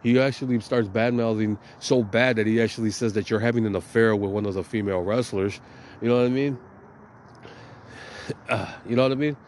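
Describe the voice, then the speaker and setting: A man's voice: on the low side, fairly even intonation, a little fast, darkish tone, a little hiss or hum. A man hosting a podcast, talking casually in a rambling, profane and emphatic way. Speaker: podcast host.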